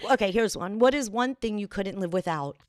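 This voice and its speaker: A middle-aged woman co-hosting a podcast, chatting in an animated, playful, self-mocking way. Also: medium pitch, a little fast, no room sound, clean studio sound. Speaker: podcast co-host. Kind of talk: casual chat. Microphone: podcast mic.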